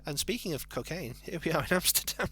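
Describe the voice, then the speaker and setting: A man riffing sarcastically over a film from his home, his voice crisp and bright. His delivery is mock-deadpan and dry, and a faint hum sits underneath it. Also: fairly high pitch, quick pace. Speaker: film commentary co-host. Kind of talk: joking film commentary chat.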